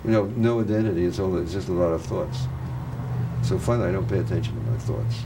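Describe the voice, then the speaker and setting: A man in his sixties, a poet reciting in a slow incantatory way and then talking loosely and reflectively in an interview, on an old videotape transfer. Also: sits low, roomy sound, background noise. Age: 60s. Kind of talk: poetry reading and interview answers.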